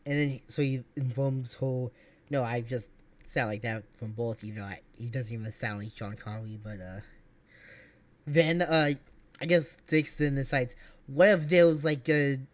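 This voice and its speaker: A man's voice: mid-range voice, fairly even intonation, normal speed. A man streaming casual reaction commentary, rambling with many fillers and restarts.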